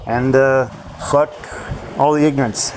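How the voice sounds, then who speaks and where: A man's voice: medium pitch, steady tone, measured pace, poor audio. A man ranting in a rambling vlog monologue, frustrated and swearing often, with faint vehicle noise behind him. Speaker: vlogger.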